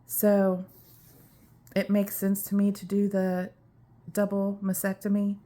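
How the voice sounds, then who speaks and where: A woman speaks slowly and evenly in a personal video diary, her pitch staying mostly level. She sounds earnest and reflective and repeats key points for emphasis. She is a little out of breath as she talks. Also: mellow. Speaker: vlogger.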